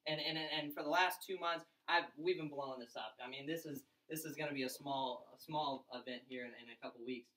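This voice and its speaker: A young man telling his story and pitching to a room of college students, excited and fast, acting out other people's lines. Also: roomy sound, recorded from a distance, poor audio. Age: young adult. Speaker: event speaker. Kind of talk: energetic pitch talk to a crowd.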